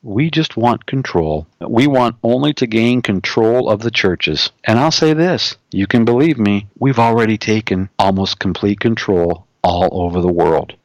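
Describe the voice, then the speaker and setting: A man's voice: lowish voice, a little slow, hardly any pauses, no echo, rough recording. A man voicing a boastful, scheming female demon spirit as he reads her words aloud from a written account, in a smug, taunting way.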